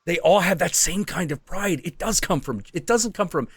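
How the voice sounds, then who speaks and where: A man hosting a casual podcast, explaining at length with animated asides. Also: high-pitched, normal speed, husky, dry recording. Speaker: host.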